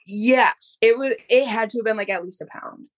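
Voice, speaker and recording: A woman in her thirties, a podcast guest, telling a story in a casual, animated way. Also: a little high, moderate pace. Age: 30s. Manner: animated, acts out others' voices in quotes.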